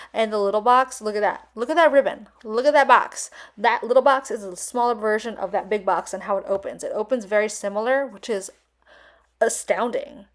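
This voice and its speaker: A young adult woman narrating a casual vlog voice-over, gushing and effusive, chatty with lots of fillers. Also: on the high side. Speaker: vlogger reviewing a purchase.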